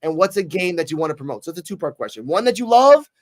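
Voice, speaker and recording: A man's voice: on the high side, fast talker. A man hosting a casual interview, telling stories with lots of swearing and acted-out voices. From Puerto Rico. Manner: animated storyteller, swears freely, acts out voices. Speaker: host interviewing a streamer.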